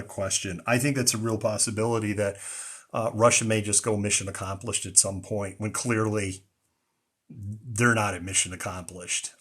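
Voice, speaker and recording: On his live stream, a news show host talks casually, stumbling through ums and restarts. His fairly low voice is a bit bright, and his General American accent carries a slight Boston tinge.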